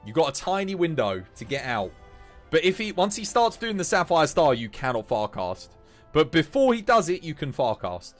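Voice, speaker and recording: A man's voice: a little high, moderate pace, soft background music. A young man chatting and laughing while live streaming a video game. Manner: animated, chatty, laughs often. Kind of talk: live gameplay streaming chat.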